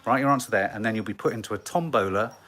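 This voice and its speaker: A man's voice: lowish voice, rapid-fire, a bit bright, a little hiss or hum. A man co-hosting a casual live family stream, playful and drawing out his questions to viewers. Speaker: co-host.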